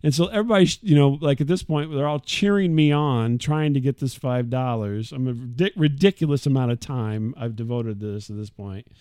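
A middle-aged man co-hosting a podcast, telling a story in a lively, casual way and mimicking the voices of others. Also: medium pitch, brisk, hardly any pauses, clear, resonant tone, dry recording, studio quality. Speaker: podcast co-host. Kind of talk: casual chat.

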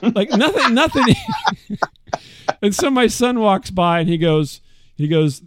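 A middle-aged man co-hosting a podcast, telling a story in a lively, casual way and mimicking the voices of others. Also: high-pitched, slow pace, long pauses, no room sound. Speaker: podcast co-host. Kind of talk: casual chat.

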